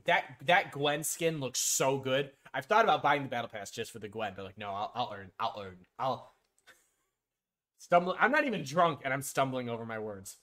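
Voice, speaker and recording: A man's voice: mid-range voice, fairly bright tone. A man chatting casually on a live stream, rambling through sports picks, answering viewers by name and giving blunt, slightly profane opinions. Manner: rambling, talks to chat viewers, frequent ums and restarts.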